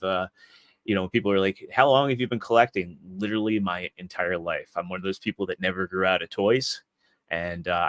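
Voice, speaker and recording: A man in his thirties, a guest on a casual podcast, telling stories about his life in a rambling way and often restarting his sentences. His voice is fairly low, and the sound is dry and close. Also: fairly bright tone, dry recording. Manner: rambling storyteller with frequent restarts. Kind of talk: casual interview chat.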